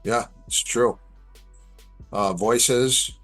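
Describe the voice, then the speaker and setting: A man's voice: medium pitch, very slow, faint music behind. A middle-aged man telling stories in a casual chat, acting out the lines people said to him. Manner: animated storyteller, acts out quoted lines. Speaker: guest.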